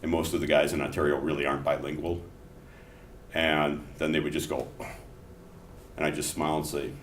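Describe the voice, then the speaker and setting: A man's voice: very deep voice, flat delivery, a little fast, pauses often. Middle-aged male teacher, conversational lecture with anecdotes, heard from the back of a roomy classroom. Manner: conversational, telling anecdotes between explanations. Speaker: instructor. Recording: echoey classroom from far off, faint noise.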